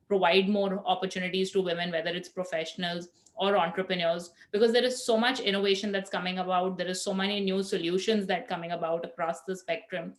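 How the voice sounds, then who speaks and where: A woman panelist giving closing remarks in a thoughtful, hesitant way with many fillers. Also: mid-range voice.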